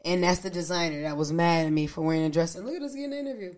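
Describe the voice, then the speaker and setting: Talking very fast in a fairly low voice, this podcast co-host recounts a story during casual chat. She's lively, performing the quotes of others as she goes.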